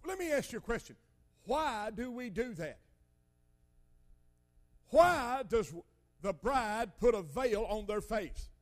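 An older man preaching a sermon, telling folksy stories with loud emphatic bursts. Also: very high voice, sing-song, takes it slowly, pauses often.

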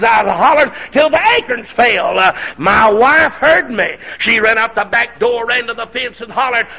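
A man's voice: extremely high pitch, moderate pace, creaky, few pauses, pushed and bright, a little hiss or hum. A middle-aged man with a sore throat, preaching a folksy storytelling sermon that swells into hollering. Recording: dull lo-fi recording.

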